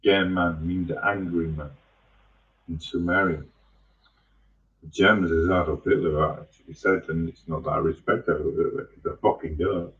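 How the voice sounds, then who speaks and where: A man's voice: low-pitched, fairly even intonation, normal speed, recorded from a distance, highs cut off. A man in a rambling, profane, angry monologue. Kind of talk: ranting monologue.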